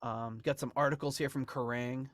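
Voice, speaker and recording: A man co-hosting a podcast chats casually about album memorabilia, rambling with frequent restarts and laughter. His mid-range voice is fairly bright, with fairly even intonation at a normal speed. Studio quality, no echo.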